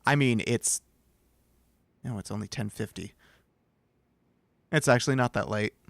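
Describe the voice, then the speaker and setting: A man's voice: lowish voice, a little slow, gravelly, no room sound. A man streaming from home, chatting casually with his viewers in a rambling, self-deprecating way.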